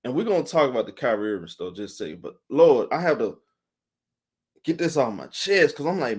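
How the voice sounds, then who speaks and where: Tired live-stream sports host, rambling. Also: male voice, mid-range voice, big pitch swings, brisk, husky. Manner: rambling, repeats himself, greets chat viewers by name.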